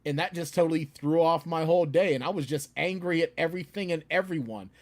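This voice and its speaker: A man who is a guest author, chatting casually on a video call and acting out his own outbursts. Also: fast. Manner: animated, acts out his own outbursts in a louder, higher voice. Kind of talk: casual chat.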